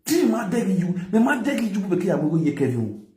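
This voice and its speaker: A man's voice: sits high, very animated, fairly quick, darkish tone, roomy sound. A man with a Nigerian accent, lecturing and scolding in a commentary, mixing pidgin with a local language. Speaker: social media commentator.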